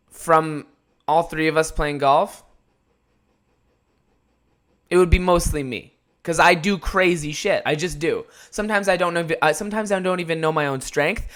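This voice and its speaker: Profane, animated young guy. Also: a little high. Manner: animated, profane, rambling, laughs often. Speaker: podcast host. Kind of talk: casual solo podcast storytelling.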